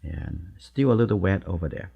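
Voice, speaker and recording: Deep husky guy talking thru a watercolor demo, short soft encouraging bits, kinda muffled recording. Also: animated, normal speed. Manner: soft-spoken, encouraging, talks while painting in short phrases. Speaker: watercolor teacher. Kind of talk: live painting demonstration.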